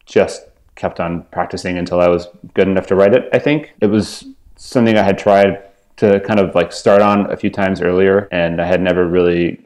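A man's voice: low voice, steady tone, normal speed, a little mellow. A man from the Los Angeles area, an author being interviewed, talking thoughtfully with lots of fillers and restarts. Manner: thoughtful, rambling with many fillers. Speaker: author guest. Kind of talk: casual interview over video call.

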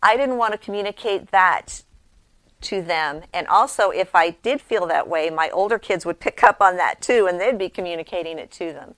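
Middle-aged mom talking homeschool tips, chatty and practical, dry close sound. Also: female voice, on the low side, a little fast, hardly any pauses, a bit bright, no echo. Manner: practical, anecdotal, conversational. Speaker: homeschooling mother giving advice. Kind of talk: instructional talk.

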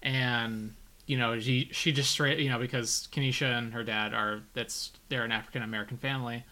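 A man with a bright, forceful voice walks through plot points in a relaxed podcast chat. He talks at a middle pitch. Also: a little fast. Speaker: podcast co-host. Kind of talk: casual TV recap chat.

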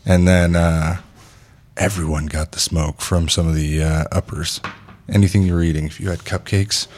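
Low-voiced guy rambling in a casual podcast chat, corrects himself, swears a bit. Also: moderate pace, a little hiss or hum. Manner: rambling, animated when telling stories, self-correcting. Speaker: podcast host.

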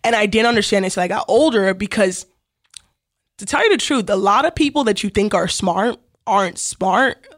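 Young woman, from Africa, interview guest, blunt, animated, laughs a lot. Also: medium pitch, moderate pace. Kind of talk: casual interview chat.

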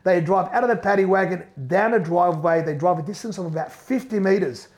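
Middle-aged man, high pitch, heated first-person storytelling. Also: fairly quick. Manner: animated, repeats and restarts, acts out quoted voices. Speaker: business owner telling his story.

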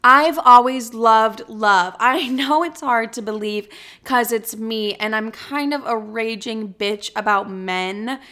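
A woman's voice: a little high, slow pace, a bit bright. A young woman hosting her own podcast, talking alone in a brash, profane, self-mocking way. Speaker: podcast host. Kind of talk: casual solo podcast monologue.

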